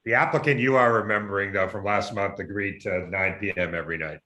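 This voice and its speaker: A man with a fairly low voice speaks calmly and factually in a virtual committee meeting. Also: fast talker. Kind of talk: meeting discussion. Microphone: video call.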